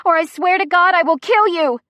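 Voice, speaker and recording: A woman's voice: high voice, expressive, normal speed, fairly bright tone, dry recording, pitched above the performer's own voice. A woman voicing a wry, sassy pregnant young woman who jokes under strain, in an audiobook. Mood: shrieking. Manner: dry, joking under strain.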